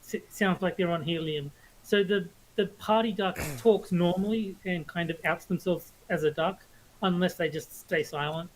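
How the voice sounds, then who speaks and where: A man chats casually on a podcast and explains the rules of a game piece by piece. He talks in an easygoing way, often pausing with fillers and restarting his sentences before he gets to the point. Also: high-pitched, slight background noise, low-quality recording. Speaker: podcast co-host.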